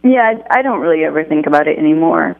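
A man being interviewed as an author, speaking haltingly with lots of fillers as he thinks back. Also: on the high side, lively intonation, no echo, narrow, tinny audio. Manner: halting, many fillers, thoughtful. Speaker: author guest. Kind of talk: conversational interview.

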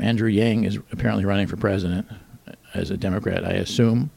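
An older man in his sixties reads satirical headlines with deadpan timing, then drops wry muttered comments. His voice is low and gravelly. The recording is dry and close, with no room sound. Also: fast talker, dry recording. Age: 60s. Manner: dry, wisecracking, mutters asides. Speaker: podcast host. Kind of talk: deadpan satirical news monologue.

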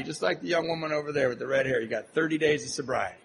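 In a meeting hall, a man from Southern California tells his recovery story to a live audience, his voice slightly higher than usual, fairly even in intonation, fast and creaky with few pauses. He mocks himself humorously and acts out other people's voices, while a faint hum from the hall sits in the background.

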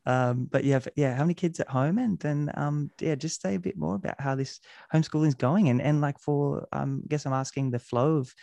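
A man's voice: fairly high pitch, a little fast, vocal fry, few pauses, dark tone, no echo. A man hosting a podcast, asking rambling questions with dry sarcastic asides. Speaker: podcast host. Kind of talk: casual interview talk.

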